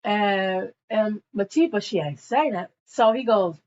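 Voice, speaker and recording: Woman vlogger, animated recap, slow drawl, dull lo-fi mic. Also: mid-range voice. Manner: animated, chatty, addresses viewers as y'all. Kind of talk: casual recap storytelling.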